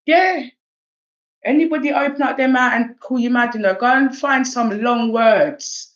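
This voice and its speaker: On a laid-back livestream, a South East London woman reads oracle cards with lots of laughter and energy, using street slang and cursing freely. She speaks at a relaxed pace with a fairly high pitch, and the sound quality is lo-fi.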